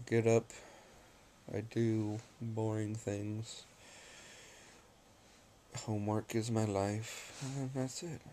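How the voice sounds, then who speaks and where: A young man vlogging casually at home, speaking in a slow, low-key way and talking to his dog. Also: warm tone, a little hiss or hum. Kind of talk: casual vlog chat. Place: at home indoors.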